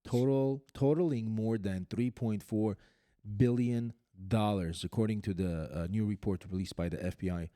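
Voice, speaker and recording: A man's voice: on the low side, normal speed, warm tone, no room sound, clean studio sound. A man hosting a podcast, chatting casually and running through news items with frequent fillers and restarts. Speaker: podcast host.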